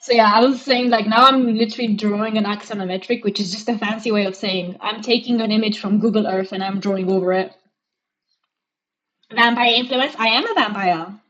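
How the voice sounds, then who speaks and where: A woman's voice: mid-range voice, a little fast, fairly bright tone, highs cut off. A young woman from Romania with a mixed Romanian and British accent, chatting casually and rambling with frequent giggles as a live streamer. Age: young adult. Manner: giggly, rambling, self-mocking.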